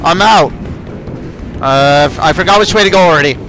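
A man's voice: on the high side, fairly quick, a bit bright, slight background noise. A man giving let's play commentary, chatting to game characters and yelping when chased. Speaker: gaming video creator.

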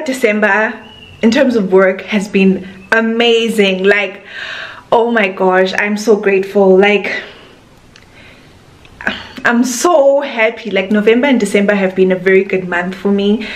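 A woman's voice: mid-range voice, unhurried. A young South African woman in her twenties talks straight to her camera in a loose, unscripted vlog. She gushes and runs on emotionally, leaning on filler words as she goes. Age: 20s. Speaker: vlogger. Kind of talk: casual talking-to-camera vlog.

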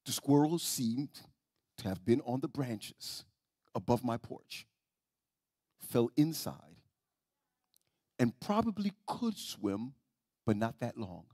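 A man pastor preaching a sermon in a church, telling stories, often repeating and restarting words, and swinging between soft and loud. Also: mid-range voice, big pitch swings, slow pace, pauses often, no room sound, clean studio sound. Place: church sanctuary.

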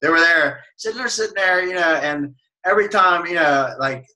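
A man's voice: a little high, normal speed, poor audio. A man on a team call telling a story casually, acting out quotes and laughing along. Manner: animated, acts out quoted voices, laughs along.

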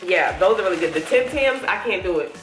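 An upbeat woman in her thirties hosts a family vlog and chats easily in a middle-pitched voice. The room rings with echo, and music plays loudly underneath. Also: animated, brisk. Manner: upbeat and chatty, coaxing kids along. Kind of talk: casual family vlog chat. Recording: echoey room with music playing behind.

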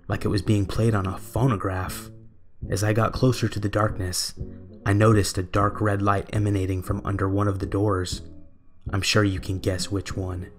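A young adult man reading a scripted horror story in a measured, steady way. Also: lowish voice. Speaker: narrator.

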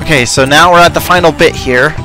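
A young man commenting excitedly on his gameplay, often yelping and shouting. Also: fairly high pitch, brisk. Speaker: gaming video host. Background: game music.

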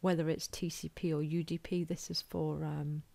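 A woman's voice: low-pitched, level tone, moderate pace, vocal fry, dark tone, no echo. A woman with a British accent giving a recorded lecture, informal and self-deprecating, thinking aloud as she draws on a board. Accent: British English. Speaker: college lecturer.

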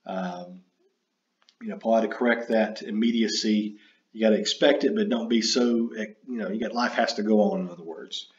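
Man, lecturer, halting delivery, frequent fillers, echoey room, muffled sound. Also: on the low side, steady tone. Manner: halting, many fillers and self-corrections. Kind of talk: unscripted recorded lecture. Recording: dull roomy recording.

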